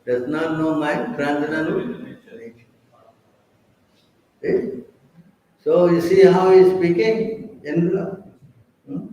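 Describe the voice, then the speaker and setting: Slow-talking preacher quizzing his class. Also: a little high, steady tone, warm tone, very echoey, recorded from a distance, poor audio. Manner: quizzes and teases listeners. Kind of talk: scripture class.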